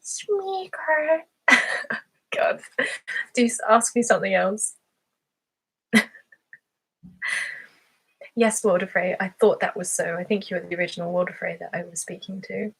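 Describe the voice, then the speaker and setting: A woman's voice: lowish voice, level tone, moderate pace, gravelly, pauses often, husky. A woman hosting her ASMR channel's live stream who chats casually, reads out viewer comments and giggles often. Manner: chatty and giggly, laughs often.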